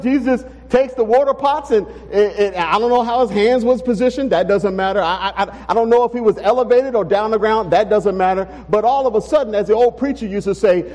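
A Texas pastor preaches a sermon emphatically from the pulpit, his unusually high, mellow voice pressing the congregation with rhetorical questions. The long reverb of a church sanctuary carries his words.

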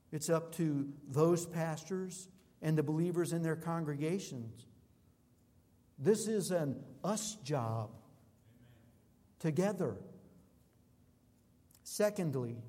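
A man's voice: fairly high pitch, mellow. A man preaching a sermon as a pastor, emphatic and declamatory, building through rhythmic repetitions. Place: church sanctuary. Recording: long reverb of a large hall.

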